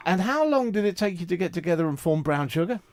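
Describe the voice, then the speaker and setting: Lively-voiced male radio presenter. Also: high-pitched, quick pace, dry recording, clean studio sound. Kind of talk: friendly radio interview chat. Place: radio studio.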